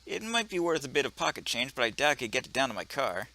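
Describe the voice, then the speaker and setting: A man voicing a sardonic gentleman cat burglar in a put-on British accent, deadpan and wry, for a video game. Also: medium pitch, fast. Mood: dry. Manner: dry, deadpan, wry asides. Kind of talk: video game voice-over reading.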